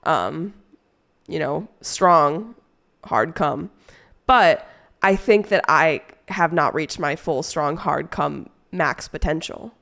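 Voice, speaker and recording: A young woman chats on a live stream with a slightly low voice. Her talk rambles and turns crude and playful as she answers viewers in chat. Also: lively intonation, takes it slowly, gravelly, fairly bright tone.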